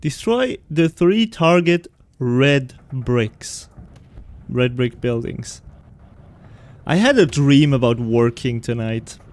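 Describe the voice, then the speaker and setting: A man's voice: mid-range voice, expressive, takes it slowly, darkish tone. A man streaming a video game, chatting casually and rambling while he plays. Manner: rambling, chatty, often laughing. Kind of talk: casual gameplay chat.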